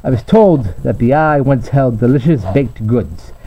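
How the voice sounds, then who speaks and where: A man's voice: mid-range voice, normal speed, a little hiss or hum. A man hosting a playful mock news report, speaking in a hammy, upbeat reporter voice. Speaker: host and reporter. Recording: slightly muffled home recording.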